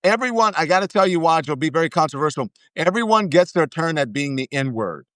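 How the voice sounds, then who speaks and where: A man's voice: on the high side, lively intonation, a little fast, a bit bright, no room sound. A man appearing as a guest journalist in a political discussion, speaking with emphatic conviction. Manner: emphatic, rising to fervent conviction.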